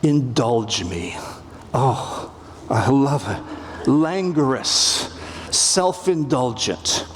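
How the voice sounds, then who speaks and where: A man's voice: a little high, a little mellow. A middle-aged man with a Canadian accent giving a wry, humorous public lecture on a theatre stage, acting out quotes as he goes. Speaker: literature professor lecturing. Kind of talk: public lecture to a live audience. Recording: long reverb of a big hall, faint ambience.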